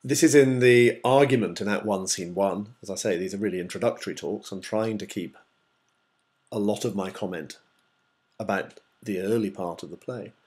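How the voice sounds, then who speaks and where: An English male teacher giving a measured, explanatory screencast lecture with many pauses. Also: fairly low pitch, darkish tone. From England.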